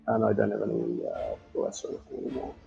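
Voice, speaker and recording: A man's voice: extremely low pitch, very animated, fast talker, vocal fry, warm tone, lo-fi sound, faint music behind. A man playing a tabletop game, hesitantly checking rules with many uh's and um's. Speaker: player. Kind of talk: casual tabletop game chat.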